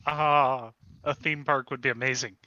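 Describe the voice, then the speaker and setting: A man at a tabletop game eagerly pitching an idea, stumbling over his words. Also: fairly even intonation, normal speed, pushed and bright, dry recording. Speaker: player. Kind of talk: casual chat. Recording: slightly muffled dry audio.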